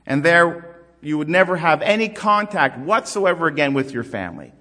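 A man's voice: on the high side, pushed and bright. Emphatic male preacher in a reverberant hall. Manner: emphatic, rising and falling delivery with questions to the congregation. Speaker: pastor. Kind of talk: sermon.

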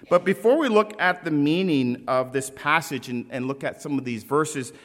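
A man preaching a sermon to his congregation, emphatic and deliberate, with friendly asides to the people in front of him. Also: medium pitch. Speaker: pastor. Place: church sanctuary. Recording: long reverb of a church hall.

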